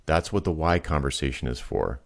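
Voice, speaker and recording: A man's voice: a bass voice, lively intonation, a little fast, gravelly. A man hosting a coaching call, explaining confidently and using anecdotes to make his points. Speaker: podcast host and business coach. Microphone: video call.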